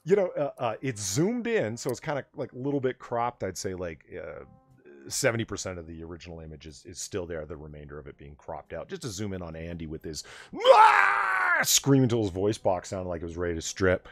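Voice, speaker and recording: A man hosting a late-night casual chat stream, an animated storyteller who swears freely. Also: low voice, fairly quick, faint music behind. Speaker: stream host.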